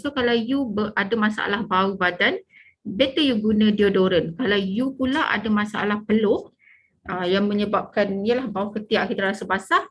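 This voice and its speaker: A woman's voice: mid-range voice, slight background noise. A woman, a product trainer explaining in a casual way and often checking that listeners follow. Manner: casual, checks understanding with "okey?" and "faham tak?".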